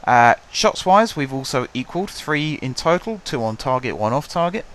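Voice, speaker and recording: A young man with a hoarse voice, chatting casually and calling the action play by play as he commentates his own football management game at home. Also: mid-range voice, very animated, moderate pace, fairly bright tone. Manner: chatty, wry, calls the match play by play. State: hoarse from shouting. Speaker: gaming channel host.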